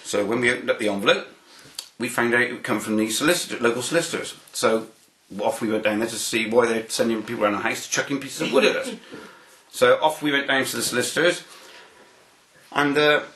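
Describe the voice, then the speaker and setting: A man, interviewed and telling anecdotes in an animated way, often repeating words as he starts a phrase. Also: medium pitch, brisk, reverberant. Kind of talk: anecdotal storytelling.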